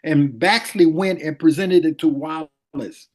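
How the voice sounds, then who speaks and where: A man's voice: on the high side, measured pace. An older man, a former attorney, reminiscing in a casual interview and acting out quoted lines in his anecdotes.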